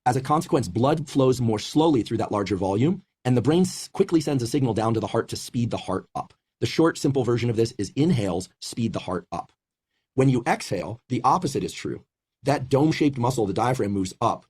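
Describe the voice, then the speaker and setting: Male researcher, lecturing explainer, brisk delivery, dark mellow tone. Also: medium pitch, slightly rough. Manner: fast, steady lecturing explanation. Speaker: scientist. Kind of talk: scientific explanation.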